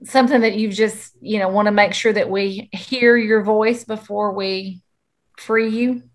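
A woman's voice: medium pitch, fairly even intonation, a little slow. A woman with a Southern US accent co-hosting a podcast, playful and teasing as she chats with her guest. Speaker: podcast co-host.

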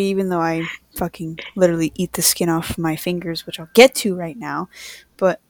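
Low-voiced young woman, blunt and swearing. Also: level tone, moderate pace, a little mellow, dry recording. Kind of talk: casual chat among friends.

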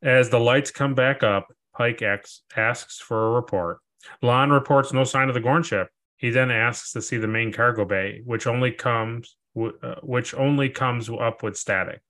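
A man co-hosting a podcast, recapping a TV episode in casual chat and acting out scenes in a jokey, animated way. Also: medium pitch, unhurried. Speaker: podcast co-host.

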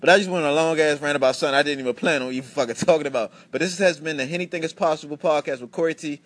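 Young man, animated profane podcast rant. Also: a little high, racing. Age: 20s. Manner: animated, profane storytelling with many restarts. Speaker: podcast host. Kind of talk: casual solo podcast rant.

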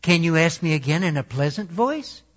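A man's voice: fairly high pitch, animated, normal speed, fairly bright tone. Man doing a sing-song patient aunt. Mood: gently correcting. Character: kindly patient elderly aunt who trains children. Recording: dull lo-fi recording.

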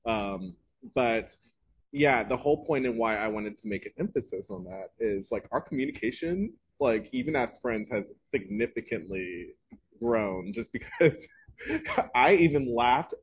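A man co-hosting a podcast, telling stories in a casual, animated way and laughing often. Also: medium pitch, a little slow, a little hiss or hum. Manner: animated storytelling, laughs often, loses his train of thought. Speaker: podcast co-host. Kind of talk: casual chat.

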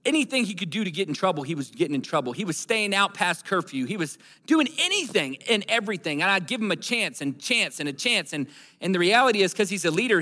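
Guy preaching, bright forceful voice, kinda high, long echo off a big church hall. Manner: emphatic, building to repeated declarations. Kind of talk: sermon storytelling.

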